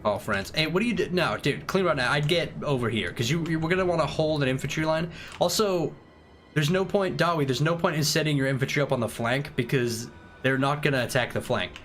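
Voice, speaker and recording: A man's voice: fairly high pitch, brisk, fairly bright tone, slight background noise. A British man live-streaming a strategy game, rambling and joking with chat while giving tactics. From United Kingdom. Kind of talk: casual live-stream commentary.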